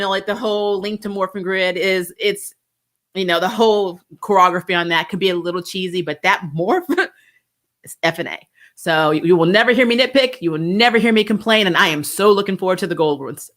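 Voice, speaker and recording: A young adult woman giving a casual review, animated and laughing often as she mimics voices. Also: medium pitch. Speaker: show reviewer.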